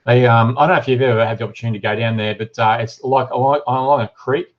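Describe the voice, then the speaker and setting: A man's voice: mid-range voice, fairly even intonation, fast, lo-fi sound. A middle-aged Australian man hosting a casual live stream, reading viewer comments aloud and chatting with lots of ums and uhs. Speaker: livestream host and shop owner.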